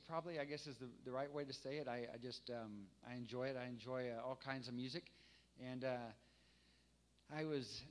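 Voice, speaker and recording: A man's voice: mid-range voice, fairly bright tone. A man who leads worship, preaching a sermon in a conversational storytelling way, with many fillers and restarts, building to emphatic preaching. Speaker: worship leader and guest preacher.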